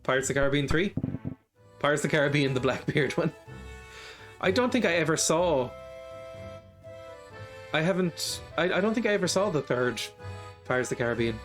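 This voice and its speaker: A man's voice: fairly high pitch, animated, a little fast, pauses often, a bit bright, faint music behind. A man streaming a strategy game, casually thinking aloud in a rambling way and chuckling often. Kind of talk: casual gameplay commentary.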